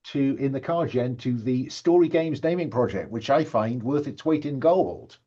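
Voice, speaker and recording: Game master on a lo-fi call. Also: male voice, mid-range voice, animated, normal speed, warm tone. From Wales. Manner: chatty, self-interrupting, lots of fillers. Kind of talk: facilitating a tabletop session zero. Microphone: video call. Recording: slightly lo-fi online call audio.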